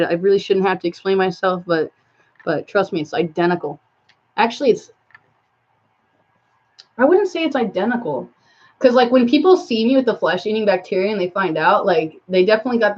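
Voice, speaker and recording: A woman chatting loosely on a live stream, drifting between thoughts with plenty of "like" and "um." Her voice sits at an ordinary middle pitch. The audio is a little dull and lo-fi, as from a phone or webcam mic. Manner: rambling, filler-heavy, talks to viewers and her cat. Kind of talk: casual live stream chat.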